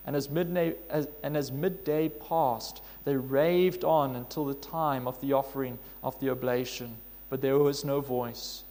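A man preaching a sermon, reading scripture and then explaining it in an earnest, steady way, often pausing on "uh" and restarting phrases. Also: medium pitch. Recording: long hall reverb.

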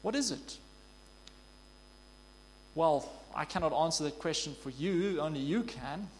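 A man preaching a sermon in an earnest way, asking rhetorical questions and drawing out key words slowly. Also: fairly high pitch, lively intonation, slight background noise. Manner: earnest, rhetorical questions, slow emphatic stresses. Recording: long hall reverb.

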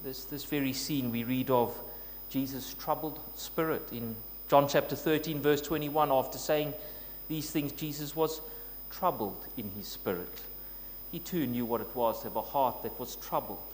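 A man's voice: medium pitch, normal speed. A man preaching a sermon in an earnest way, building to emphatic scripture quotes. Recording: long reverb, faint noise with hum.

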